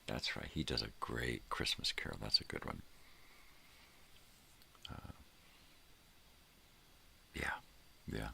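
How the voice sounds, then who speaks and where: Older man with a deep gravelly voice. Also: pushed and bright, slight background noise. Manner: rambling, trailing off, many fillers. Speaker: morning show host. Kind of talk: casual rambling monologue.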